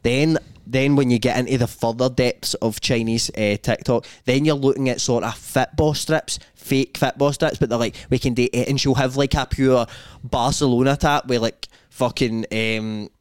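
A young Scottish man chats on a podcast, spinning animated stories packed with slang. He often breaks into loud laughter. The mic is close and dry, with no room sound. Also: medium pitch, moderate pace, few pauses, clear, resonant tone, dry recording. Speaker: podcast co-host. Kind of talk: casual chat.

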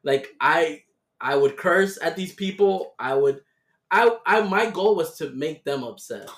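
A young man hosting a casual podcast chat, telling animated stories full of swearing. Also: fairly high pitch, unhurried. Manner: animated storytelling with heavy swearing. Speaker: podcast host. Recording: roomy echo.

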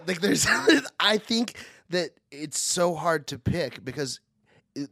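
A young man co-hosting a podcast, chatting loosely and laughing often through dark banter in a small studio. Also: mid-range voice, dry recording. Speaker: podcast co-host. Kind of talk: casual chat.

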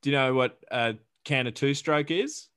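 A man's voice: mid-range voice, normal speed, a bit bright, clean tone, no room sound, studio quality. An Australian man hosting a casual podcast interview, joking around and rambling through local slang. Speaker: podcast host.

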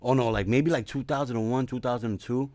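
A man, co-hosting a casual podcast chat with loud, joking, slang-heavy banter. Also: medium pitch, quick pace, no echo, clean studio sound. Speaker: podcast co-host.

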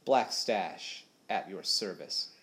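A man voicing a cool, calculating male pirate captain who speaks low and threatening. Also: expressive, takes it slowly, a bit bright, full character voice. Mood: menacing.

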